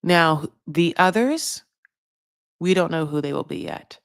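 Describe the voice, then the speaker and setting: A woman's voice: low voice, lively intonation, measured pace, gravelly, dry recording, clean studio sound. A woman giving a casual, rambling recap of a reality show, full of "like" and "you know". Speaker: recap vlogger.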